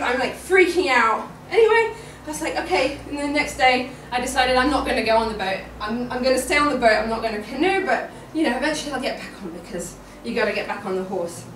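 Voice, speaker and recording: A woman telling a personal story at a live storytelling event, animated and often laughing, repeating words for effect. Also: high-pitched. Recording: echoey room, distant mic, noisy.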